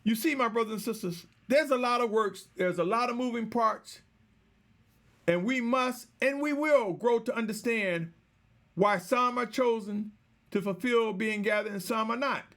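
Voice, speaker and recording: A man delivering a slow, measured, exhorting sermon, repeatedly addressing his listeners as brothers and sisters. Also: extremely high pitch, fairly bright tone. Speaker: preacher.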